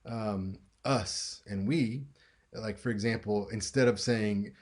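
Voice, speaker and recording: A man teaching a recorded class lecture in a conversational way, acting out example lines with lively shifts in tone. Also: on the low side, takes it slowly.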